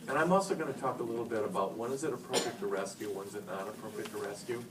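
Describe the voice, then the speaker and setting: A man in his fifties giving a lively, joking talk to an audience of educators, acting out phone calls as he tells stories. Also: on the low side, rapid-fire. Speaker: speaker at an education workshop. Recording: roomy hall, speaker far from mic, noisy.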